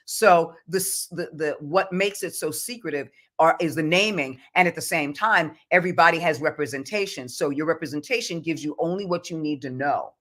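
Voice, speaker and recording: A woman's voice: deep voice, normal speed, hardly any pauses, fairly bright tone. A woman voice actor, guest on a podcast interview, talking about her work in an earnest, reflective way. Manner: earnest, reflective, speaks of faith.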